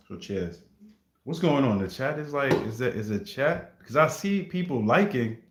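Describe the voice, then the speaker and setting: Laid-back man streaming, low echoey voice. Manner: rambling, laid-back, heavy use of filler phrases like "you know what I mean". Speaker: livestream reaction host. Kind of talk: casual livestream chat with viewers.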